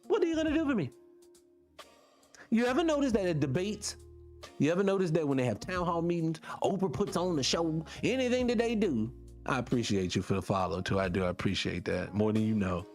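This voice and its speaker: Animated man ranting on a livestream. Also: on the high side, a little fast, faint music behind. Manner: fired-up, profane, talks to viewers directly. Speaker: show host. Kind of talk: livestream commentary rant.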